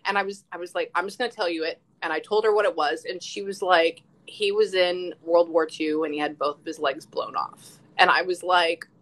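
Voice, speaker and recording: A woman who works as a psychic medium, telling stories in casual live-stream chat, animated, swearing freely and acting out quotes. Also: lowish voice, brisk, few pauses, low-quality recording.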